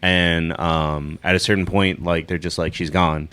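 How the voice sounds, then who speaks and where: A man co-hosting a casual podcast chat, recapping favorite scenes with many pauses and ums. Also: sits low, level tone, pushed and bright, clean tone. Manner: rambling, hesitant with many ums. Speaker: podcast co-host.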